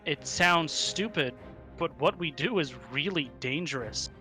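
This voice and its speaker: A man's voice: fairly high pitch, expressive, measured pace, sharp tone, faint music behind. A man voicing an earnest, shaken young adventurer. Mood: shaken, resolved.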